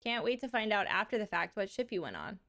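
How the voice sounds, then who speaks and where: A woman's voice: medium pitch, big pitch swings, a bit bright. A young woman with a slight lisp, chatting casually and giggling with her live audience. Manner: chatty and giggly, drawn-out words. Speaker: livestreamer.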